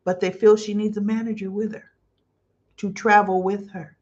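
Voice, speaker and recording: A woman hosting a live soap opera comment show. She chats casually, reads viewer comments aloud, and talks in an effusive, emotional way with drawn-out exclamations. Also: medium pitch, flat delivery, darkish tone, highs cut off.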